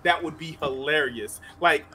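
A man's voice: fairly high pitch, measured pace, bright, forceful tone, a little hiss or hum. A man from the US in a casual group chat, brash and crude, often cutting in. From United States.

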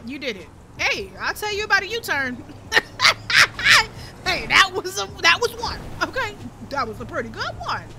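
A woman doing casual let's-play commentary, loud and playful, swearing often and talking to viewers and the game characters. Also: very high voice, very animated, moderate pace, noisy background. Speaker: gaming streamer. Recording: game audio and music behind.

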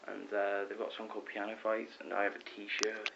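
Excitable teenage boy rambling in his bedroom. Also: on the low side, fairly quick, gravelly. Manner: rambling, excitable, chatty, many ums and self-corrections. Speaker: vlogger. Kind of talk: casual rambling vlog. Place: bedroom at home. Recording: dull lo-fi with faint hiss.

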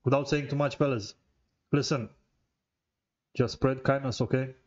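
A man's voice: medium pitch, steady tone, moderate pace, a little mellow. Rambling man with a muffled lo-fi sound. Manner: loose and rambling, leans on "like" and swears freely. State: talking with tobacco in his mouth. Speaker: reaction video host. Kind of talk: casual reaction commentary.

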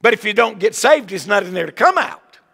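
Folksy preacher in a reverberant hall. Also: male voice, high voice, fairly quick, creaky, slightly rough. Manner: folksy, animated preaching with asides and repeated words. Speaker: evangelist preacher. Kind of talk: revival sermon. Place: large church sanctuary.

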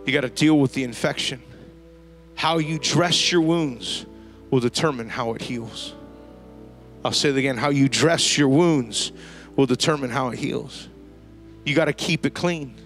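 A man preaching a sermon to a church congregation, telling a lively story and using casual slang. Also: a little high. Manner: storytelling, animated, slangy asides. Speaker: pastor. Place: church service before a congregation.

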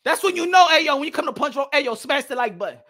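A man's voice: very high voice, animated, rapid-fire, pushed and bright. A man from New York ranting heatedly as a boxing commentator, switching between English and Spanish in a mocking way. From New York City.

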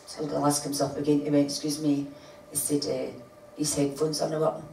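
A woman's voice: low-pitched, flat delivery, fairly quick, creaky, slight background noise. An older woman telling a comic, rambling anecdote to a live audience, laughing as she goes. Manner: chatty, laughing, rambling storytelling. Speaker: storyteller. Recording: echoey room heard from far off. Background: loud room ambience.

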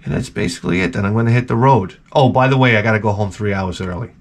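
A man's voice: on the low side, quick pace. A man hosting his channel, rambling casually and comically, with frequent profanity. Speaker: channel host.

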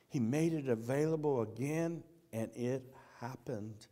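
A man's voice: a little high, slow pace, a little mellow. A man preaching a sermon in church, earnest and repeating his key phrases.

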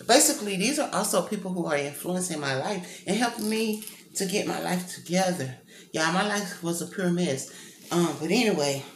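A woman's voice: lowish voice, a little hiss or hum. A woman chatting casually to her viewers in a vlog, rambling and calling them "y'all", from a kitchen with the lights off. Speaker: vlogger. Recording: echoey room with faint background ambience.

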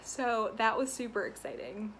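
A woman hosts her podcast from home in a casual, rambling chat, laughing often. Her voice sits a touch high and sounds breathless and a little stuffy. Faint ambient sound drifts in through open windows behind her. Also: lively intonation, normal speed, fairly bright tone, slight background noise, low-quality recording. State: stuffy from allergies. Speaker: podcast host.

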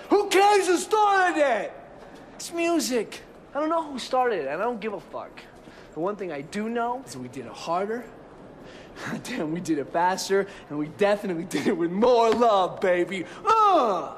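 A cynical young punk from America, high-pitched, profane, ranting, faint noise behind. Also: male voice, sing-song, normal speed. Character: angry young male punk, cynical ranter. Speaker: punk narrator. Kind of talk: film monologue to camera.

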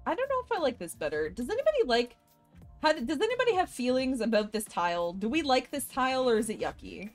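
Woman streamer, slightly high voice, very animated delivery, chatty and quick to laugh, soft music underneath. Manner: chatty and expressive, laughs often. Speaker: live streamer. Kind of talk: casual live-stream chat with viewers.

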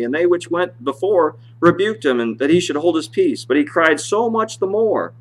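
A man's voice: animated, normal speed, hardly any pauses. Impassioned male preacher reading scripture. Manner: impassioned preaching, reads scripture aloud in a rising voice and drops low to explain. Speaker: pastor. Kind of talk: sermon. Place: church.

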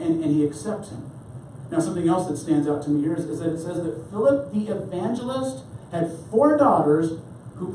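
A male pastor preaching a sermon in an animated, repetitive way. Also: high voice, a little hiss or hum. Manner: animated, repeats words when starting phrases. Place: church sanctuary. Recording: echoey hall, mic far off.

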